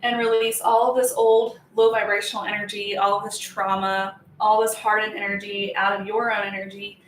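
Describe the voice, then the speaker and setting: A young woman talks through an energy-healing routine in a loose, chatty way, leaning on fillers and little giggles. Her voice sits at an ordinary middle pitch. It bounces around a hard, roomy space with a faint hiss underneath. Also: little pitch movement, moderate pace, a bit bright. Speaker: energy healer. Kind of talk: casual spiritual vlog, guided healing. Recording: echoey room.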